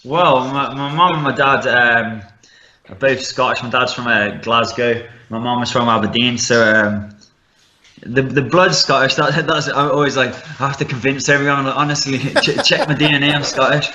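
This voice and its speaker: A man's voice: mid-range voice, steady tone, normal speed, sharp tone. A young man with a Midlands English accent, a fighter talking casually in a podcast interview, laid-back and full of fillers. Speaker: MMA fighter, guest. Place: rural home in northern Scotland. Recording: echoey room, dull lo-fi sound.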